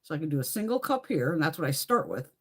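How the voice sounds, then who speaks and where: A middle-aged woman hosting a beauty live stream, chatting loosely and cursing freely between bursts of laughter. Her voice is husky and a little breathy, and her pitch swings widely as she tells her stories. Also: fast talker. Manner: profane, laughing, animated storytelling. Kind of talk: casual live-stream chat.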